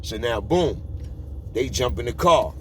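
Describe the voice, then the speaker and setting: A man tells a street story at a middle pitch. His talk is loose and slangy, he keeps checking in with his listeners and he repeats himself as he goes. A faint hiss sits behind his voice while he moves along a city route. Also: expressive, measured pace, fairly bright tone.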